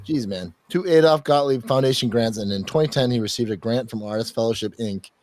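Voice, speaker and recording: This podcast host talks briskly in a darkish, mid-range voice, recorded with no echo. Chatting casually, he works through contributor bios in a rambling, joking style packed with profanity and laughter.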